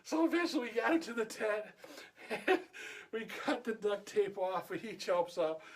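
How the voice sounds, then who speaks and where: A man's voice: high-pitched, expressive, a little fast. A man vlogger telling a story in a casual, chatty way, chuckling often.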